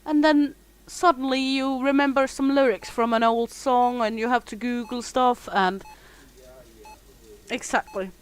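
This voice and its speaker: A woman from Denmark plays a simulation game on stream, bantering casually and reading chat out loud. She speaks in a smooth, steady, slightly high voice at an unhurried pace, though the recording is rough.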